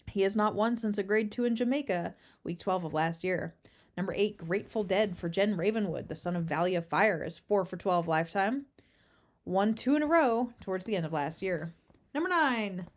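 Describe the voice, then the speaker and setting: Chatty woman hosting a race stream. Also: medium pitch. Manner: chatty, talks to chat, asides and laughs. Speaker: race caller and host. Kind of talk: casual livestream race preview. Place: relative's house, indoors. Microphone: no headset, makeshift setup.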